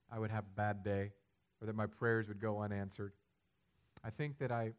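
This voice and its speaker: Male pastor, sermon delivery, mid-pitched, swings from conversational to loud emphatic peaks. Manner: rises to loud, high-pitched emphatic passages; acts out imagined prayers and quotes.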